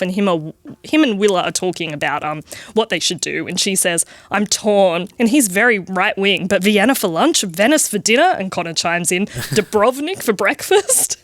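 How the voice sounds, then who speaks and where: A woman's voice: mid-range voice, a bit bright, no room sound. A woman co-hosting a television recap podcast, chatting casually and laughing between remarks. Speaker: podcast co-host.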